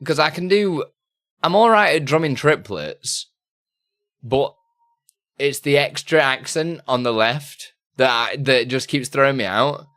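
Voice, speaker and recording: Guy rambling on stream, bright voice that bounces all over, laughs a lot. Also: mid-range voice, expressive, a little slow. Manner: chatty and loose, reads chat aloud, laughs often. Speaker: streamer answering chat questions. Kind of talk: casual live-stream chat.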